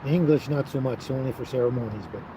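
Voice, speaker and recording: A man's voice: medium pitch, fast talker. Easygoing man livestreaming outdoors. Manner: easygoing, chuckles often, trails off with fillers. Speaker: livestream host reading viewer chat. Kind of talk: casual live chat. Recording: outdoor livestream with noticeable traffic noise.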